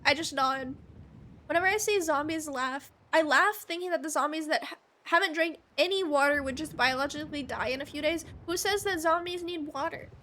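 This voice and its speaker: A woman's voice: sits high, fairly quick, few pauses, a bit bright, a little hiss or hum. A woman streaming a game live, chatting casually with viewers in a rambling, giggly way.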